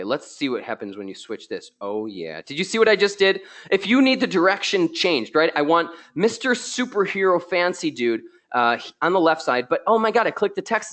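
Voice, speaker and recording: A man hosting a live software tutorial, excitable and chatty, joking with his viewers, a little tired from being ill. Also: high-pitched. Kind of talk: live screen-share tutorial.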